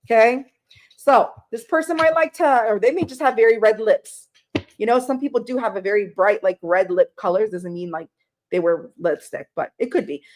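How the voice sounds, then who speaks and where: Middle-aged woman, casual live tarot reader, chatty and friendly with viewers, a touch high-pitched. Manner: chatty, greets viewers by name, swears casually. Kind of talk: live-stream tarot reading.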